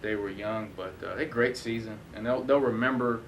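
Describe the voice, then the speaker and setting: A man's voice: lowish voice, a little fast, distant mic, slight background noise. A young man hosting a sports talk show, chatting casually with lots of fillers and self-corrections. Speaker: host. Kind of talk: casual studio chat.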